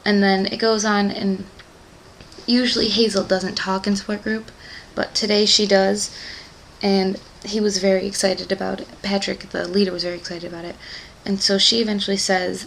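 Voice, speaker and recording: Chatty young woman with a gravelly edge. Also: mid-range voice, little pitch movement, normal speed, a little hiss or hum, rough recording. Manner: rambling, chatty, heavy on "like" and "um"; gushing fan enthusiasm. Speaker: book club vlogger. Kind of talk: casual book recap.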